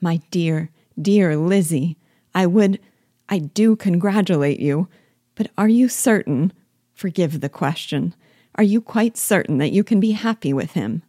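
Brief: gentle, earnest young sister, read by a woman, low and mellow, quick to marvel. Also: no echo, clean studio sound. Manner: incredulous, tender, earnest.

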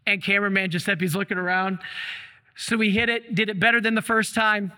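Male priest, sermon, very high voice, animated storyteller, church reverb. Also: brisk.

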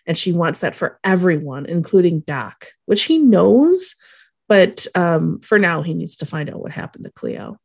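A woman's voice: lowish voice, sing-song, normal speed, gravelly, a little mellow, breathy edge, no room sound, clean studio sound. A woman co-hosting a podcast, telling the episode's story in a playful, laughing manner. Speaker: podcast co-host. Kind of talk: casual chat.

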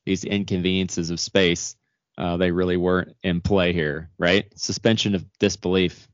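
A man co-hosting a podcast in easy, casual chat, circling his points with fillers and restarts. His voice is very low and sits dry and close in a dull, lo-fi recording. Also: little pitch movement, moderate pace, dry recording. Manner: rambling, many fillers and restarts. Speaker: podcast co-host.

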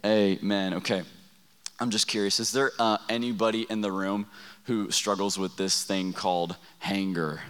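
Pastor preaching in a big echoing hall. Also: male voice, lowish voice, little pitch movement, moderate pace, a bit bright, clear, resonant tone. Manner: storytelling, conversational, asks the room questions. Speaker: youth pastor. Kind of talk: sermon to students at a camp. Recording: long reverb of a large hall.

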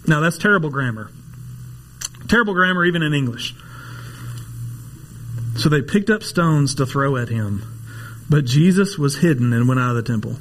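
A man's voice: fairly high pitch, lively intonation, moderate pace, long pauses. A man preaching a casual sermon, a pastor who jokes and makes nerdy asides. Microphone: live stream.

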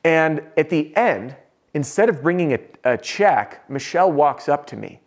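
A man teaching sales, telling a self-deprecating story in an animated, conversational way. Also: fairly high pitch, normal speed. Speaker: sales trainer.

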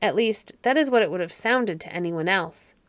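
A woman narrating a children's fairy story audiobook in a calm, measured way. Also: medium pitch, no room sound.

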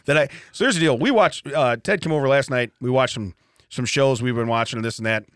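A man's voice: mid-range voice, brisk, clear, resonant tone, no room sound, studio quality. A middle-aged man co-hosting a podcast, telling stories in a casual chat and laughing often. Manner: animated storyteller, laughs often. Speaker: podcast co-host. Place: podcast studio.

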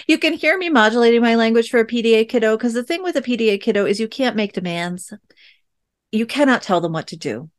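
A woman in her thirties, a podcast host and parent coach, tells a personal parenting story in a casual monologue that's chatty, reflective and full of fillers. Her fairly high voice is expressive and brisk.

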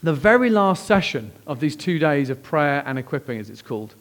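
A man, a pastor preaching a sermon as lively, conversational personal storytelling. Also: a little high, a little fast.

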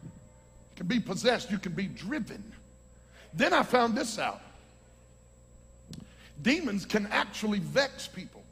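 A man preaching a sermon, teaching from scripture with fervent, shouting emphasis. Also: high voice, big pitch swings, measured pace, vocal fry, long pauses, slight background noise. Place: large hall with a congregation. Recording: long hall reverb.

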